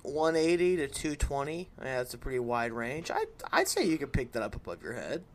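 A man co-hosting a podcast, ranting and swearing in excitable casual chat. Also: mid-range voice, a little fast. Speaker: podcast co-host.

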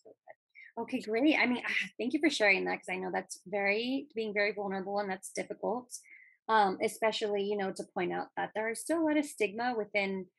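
Woman, podcast host, encouraging, gravelly voice, dry close sound. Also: medium pitch, fairly quick, dry recording. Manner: warm, encouraging, laughs often. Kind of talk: casual interview chat.

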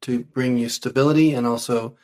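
A man's voice: mid-range voice, steady tone, fairly quick, darkish tone. A man co-hosting a faith podcast, supportive and affirming. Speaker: podcast co-host.

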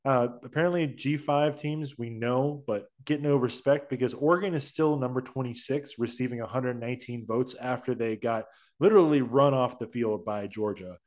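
A man co-hosting a sports podcast, chatting in a relaxed, rambling way. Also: mid-range voice, normal speed. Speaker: podcast co-host. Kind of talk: casual sports podcast chat.

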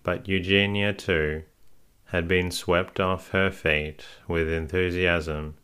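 A man with a very low voice reads a sleep story aloud, slow and calm. His tone stays smooth and resonant, barely rising or falling from line to line. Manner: calm, unhurried reading. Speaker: sleep story podcast host. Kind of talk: scripted bedtime story narration.

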